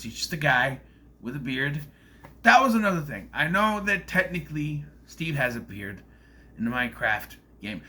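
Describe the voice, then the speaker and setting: A young man talking casually to camera, reviewing a movie in a rambling, animated way with frequent restarts. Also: a little high. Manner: rambling, animated, self-interrupting. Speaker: video reviewer.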